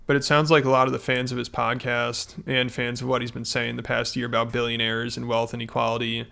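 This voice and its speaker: A man's voice: mid-range voice, completely flat delivery, fairly quick, gravelly, sharp tone. A man commenting on a video in a matter-of-fact, summarizing way. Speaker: online commentator.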